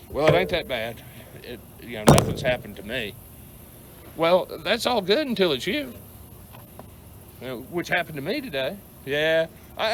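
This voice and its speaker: A man's voice: a little high, a bit bright, a little hiss or hum. A middle-aged man with a Southern American accent, ranting angrily to camera, rambling and stumbling over repeated words. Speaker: vlogger. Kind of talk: angry venting rant to camera.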